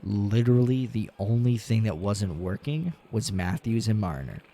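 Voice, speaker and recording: A man streaming a game, talking casually and ranting with lots of swearing, dropping to low mutters and rising to loud outbursts. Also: expressive, normal speed, a little hiss or hum. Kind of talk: casual gaming stream chat.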